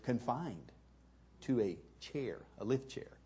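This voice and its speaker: A man's voice: medium pitch, lively intonation, takes it slowly, mellow, slight background noise. A middle-aged man, preaching a sermon in a folksy, storytelling way. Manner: folksy, chuckling, conversational. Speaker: pastor.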